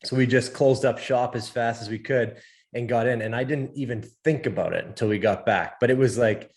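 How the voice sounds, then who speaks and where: A man's voice: medium pitch, brisk. Easygoing male podcast host. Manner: relaxed, teasing, rambling asides. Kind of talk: casual chat.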